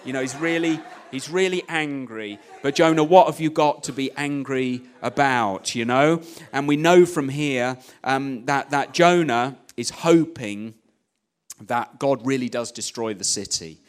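Guy preaching casually, middling pitch, keeps saying you know, storyteller vibe. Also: unhurried, smooth. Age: adult, young child at home. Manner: chatty storytelling, full of "you know" asides. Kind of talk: conversational sermon.

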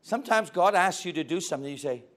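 Animated preacher, lively pitch. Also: male voice, quick pace. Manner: animated storytelling, acting out voices with big swings from quiet to loud. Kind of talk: sermon.

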